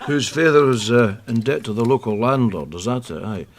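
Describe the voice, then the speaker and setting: In a sketch comedy, an actor with a Scottish accent and medium-pitched voice plays an irritable old man who lectures and grumbles in exasperation. He speaks a little fast with a lightly acted delivery, and there is background noise in the recording.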